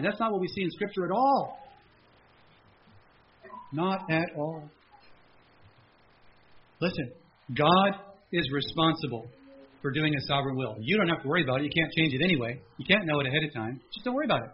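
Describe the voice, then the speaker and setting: Animated preacher man, muffled recording. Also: a little high, a little fast, long pauses, slight background noise. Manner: animated, acts out prayers in a raised pleading voice. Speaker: pastor. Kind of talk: sermon. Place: church service.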